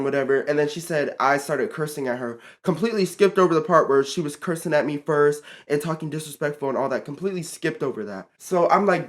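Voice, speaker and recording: A teenage guy with a slightly higher than usual voice tells a storytime vlog. He talks casually and gets worked up, leaning on fillers and repeating himself as he recounts things. It sounds like a vlog. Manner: animated, exasperated storytelling with many fillers. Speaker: vlogger.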